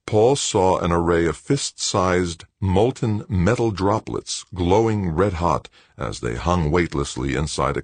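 A man narrating an audiobook in a measured, steady storytelling manner. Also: a bass voice, no echo. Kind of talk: scripted narration.

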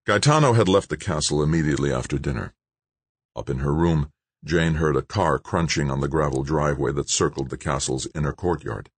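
A man narrating an audiobook in a steady, measured way. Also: extremely low pitch, slightly rough, no echo.

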